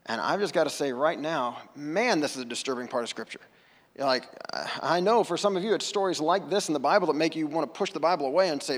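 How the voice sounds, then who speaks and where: A man's voice: a little high, animated, fast talker, a bit bright. A man from the United States preaching a sermon at church in a casual, conversational way, with self-deprecating asides. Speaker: pastor. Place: church sanctuary. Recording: long hall reverb.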